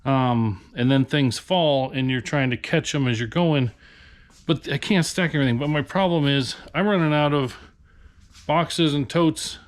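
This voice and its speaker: Standing in a storage unit, a reseller vlogger from Nebraska rambles to the camera in a weary, frustrated rant. His voice leans high and his delivery is a little slow.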